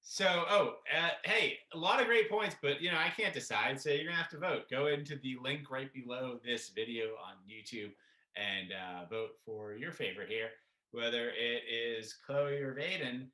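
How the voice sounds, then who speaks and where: A man's voice: mid-range voice, moderate pace, bright, forceful tone. A man hosting a casual debate show, joking and rambling as he steers the talk. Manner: joking, rambling, laughs often. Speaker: host. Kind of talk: casual chat. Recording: roomy echo.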